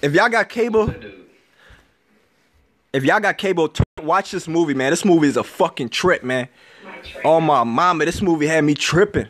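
A man's voice: fairly high pitch, animated, moderate pace, pauses often, fairly bright tone. A young man from Minnesota chatting on a phone livestream, slangy and swearing, rambling and repeating himself. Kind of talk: casual livestream chat with viewers. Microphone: phone camera. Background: faint TV audio.

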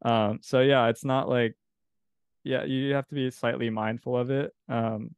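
A man's voice: mid-range voice, steady tone, a little slow, smooth, no echo. A man from California, a coffee business owner, talking casually as a podcast guest, rambling with fillers and restarts.

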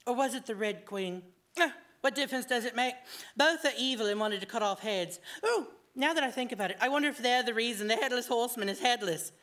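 A woman voicing an excitable, scatterbrained male hatter who rambles from one topic to the next. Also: a little high, a little fast. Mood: excited. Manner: rambling, jumping between topics.

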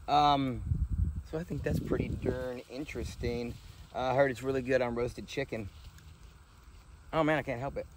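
A man casually showing how he harvests and prepares berries, talking in a folksy, rambling way full of fillers and asides. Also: fairly high pitch. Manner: rambling, folksy, thinks out loud with many fillers. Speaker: homesteading vlogger. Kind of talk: casual outdoor how-to vlog. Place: outdoors by trees, then a kitchen.

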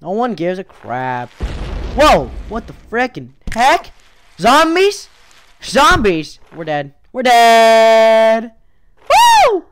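A woman narrating her own gameplay in a let's play, excitable, with yelps and whoops, and losing her voice. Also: mid-range voice, takes it slowly. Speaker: gaming YouTuber.

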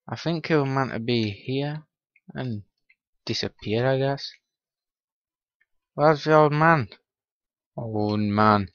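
A man talks slowly through a game session, muttering to himself and needling the characters on screen. His voice sits at a middling pitch. The recording is dull and lo-fi, with a dry, close sound. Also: a bit bright, no room sound. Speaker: gaming channel host. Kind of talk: Minecraft let's-play commentary.

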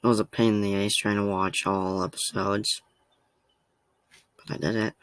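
A man's voice: lowish voice, flat delivery, moderate pace, fairly bright tone, no room sound. A man hosting a reaction vlog, talking casually to the camera in a rambling, emotional way and laughing at himself often. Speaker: reaction channel host. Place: home room.

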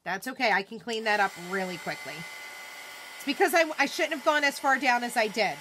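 A woman hosting a live craft demonstration, chatting casually and excitedly, often murmuring quietly to herself as she works. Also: on the high side, a little fast, background noise. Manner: bubbly, chatty, self-deprecating, often drops to a murmur while working. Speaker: craft livestream host.

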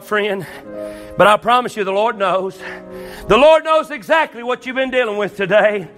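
Man, preacher, church altar call, sharp bright voice, fervent shouting, quiet music underneath. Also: very high voice. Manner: fervent, rising to shouts with folksy asides. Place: church service.

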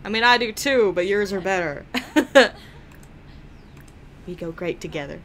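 A woman commentating a life-simulation game she is playing, excitable, swearing freely and laughing often. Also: medium pitch, measured pace, slight background noise. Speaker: gaming video creator. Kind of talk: let's play commentary.

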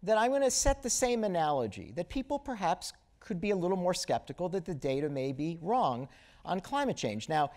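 A man hosting an onstage interview, his pitch rising and falling with a lot of life. He puts probing, teasing questions to his guest. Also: sing-song, a little fast, a little mellow. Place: auditorium stage before an audience.

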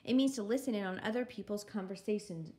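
A woman voicing a brisk, stern, orderly older woman who speaks curtly and disapprovingly in a storybook reading. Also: medium pitch, a little mellow, lightly acted. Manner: curt and disapproving.

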